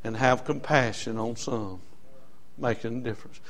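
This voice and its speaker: A middle-aged man preaching a sermon. He tells homespun stories, often stops on "uh, uh" fillers, and builds up to loud emphasis. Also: medium pitch, moderate pace.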